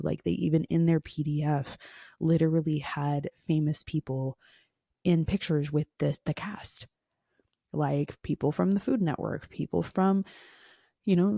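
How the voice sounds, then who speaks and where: A woman's voice: sits low, creaky, warm tone, dry recording, studio quality. A woman hosting a podcast, telling a frustrated story in a casual monologue full of fillers. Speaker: podcast host.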